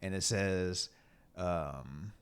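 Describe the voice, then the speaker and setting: A man co-hosting a casual movie review chat, animated and laughing often as he acts out scenes. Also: low voice, extremely slow, smooth. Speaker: podcast co-host.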